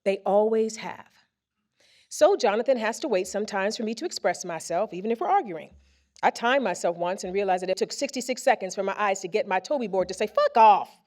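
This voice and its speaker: A woman presenter reading a first-person story aloud on a theater stage into a microphone, with expressive comic timing. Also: mid-range voice, a little fast. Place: theater stage before a live audience.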